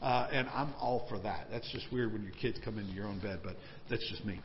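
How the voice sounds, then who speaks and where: A man preaching a sermon as pastor, swinging between raised, emphatic questions and hushed, slowed asides. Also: on the low side, a little hiss or hum. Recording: long church-hall reverb, dull lo-fi sound.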